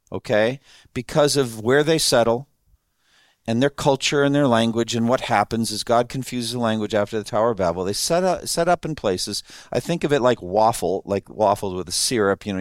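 A man's voice: medium pitch, brisk, dry recording, clean studio sound. A man preaching a sermon in a conversational way, laughing often and asking his listeners questions. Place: room with an audience.

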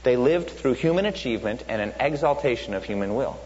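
A man's voice: medium pitch, expressive, fairly quick, darkish tone. A man preaching a sermon in an emphatic way, often asking rhetorical questions. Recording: dull echoey hall with faint hum.

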